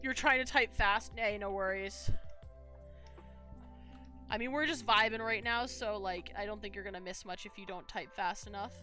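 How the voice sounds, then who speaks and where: A young woman artist talks casually on her live stream while drawing, rambling and often restarting with lots of fillers. Her mid-range voice sounds pushed and bright at a normal pace, and soft music plays behind her.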